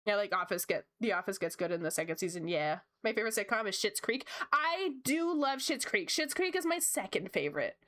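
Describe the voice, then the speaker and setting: She speaks briskly and expressively at a medium pitch, with few pauses and a slightly bright tone. A Canadian woman in her late twenties, she draws on stream while chatting casually, rambling and laughing a lot.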